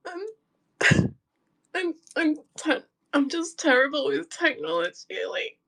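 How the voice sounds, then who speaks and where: A woman crying as she talks to listeners on a live audio space, halting and repeating herself between sobbing laughs. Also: high voice, big pitch swings, gravelly, fairly bright tone. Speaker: VTuber.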